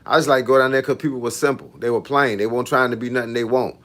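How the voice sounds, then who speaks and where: A man's voice: medium pitch, fairly even intonation, fast, a bit bright. Dude in his 50s, fitness coach chatting loose on a livestream, slangy and easygoing. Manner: laid-back slangy banter, frequent laughs, addresses viewers directly. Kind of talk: casual livestream chat with viewers.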